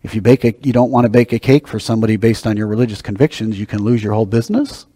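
Animated preaching man in a reverberant hall. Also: lowish voice, racing, slightly rough. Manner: animated preaching, swinging from loud bursts to hushed asides. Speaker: pastor. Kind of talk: sermon.

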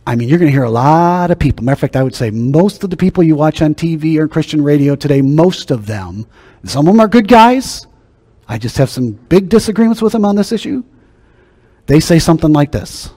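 An older man preaching a sermon as pastor, emphatic, slowing down and dropping his voice to drive key points home. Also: on the high side, animated, breathy edge. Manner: emphatic, slows down and drops to a hush for key points. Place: church sanctuary. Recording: long hall reverb.

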